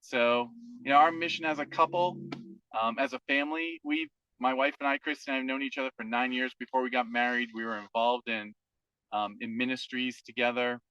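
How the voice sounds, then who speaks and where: A man's voice: medium pitch, fairly even intonation, a little fast, sharp tone, clear, resonant tone, dry recording, dull audio. A man in his forties from New Hampshire gives an earnest personal testimony over a call, stacking repeated phrases. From New Hampshire, USA. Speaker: team member and guest speaker, teacher and father.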